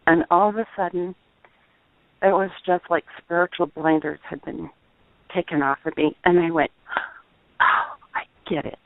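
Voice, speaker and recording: A middle-aged woman calling in, telling a personal testimony in an earnest, halting way, over the phone. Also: lowish voice, steady tone, dry recording. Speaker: caller. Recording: tinny dry phone line.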